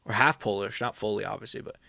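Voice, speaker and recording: A man's voice: fairly low pitch, steady tone, fast talker, creaky, sharp tone, dry recording, studio quality. A man rambling crudely through a casual livestream chat about fights. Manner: rambling, crude joking, trails off. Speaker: MMA streamer.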